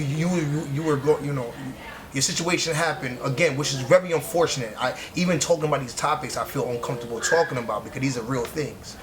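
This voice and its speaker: A man with a New York accent giving casual spoken commentary, halting often with restarts and fillers. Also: medium pitch, low-quality recording. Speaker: commentary host.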